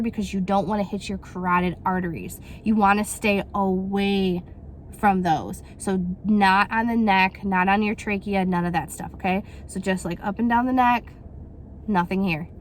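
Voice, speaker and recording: Over slight background noise, a woman in her thirties reviews a product for her vlog, chatting loosely through the unboxing with fillers and little acted-out quotes. Her mid-range voice keeps a fairly even intonation at a moderate pace.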